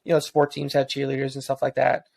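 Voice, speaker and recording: Joking gravelly male co-host. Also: medium pitch, completely flat delivery, quick pace, darkish tone, no room sound. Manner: joking, self-deprecating banter. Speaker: podcast co-host. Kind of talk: casual chat.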